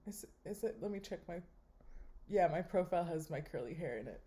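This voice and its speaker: A young woman giving wry, deadpan running commentary while swiping through a dating app. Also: lowish voice, brisk. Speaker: vlogger.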